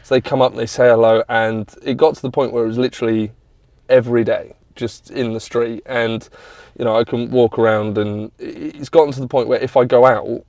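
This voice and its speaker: A man, a podcast guest telling lively, enthusiastic stories in casual chat. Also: medium pitch, brisk, no room sound. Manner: enthusiastic, animated anecdotes with quoted voices. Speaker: guest, automotive content creator.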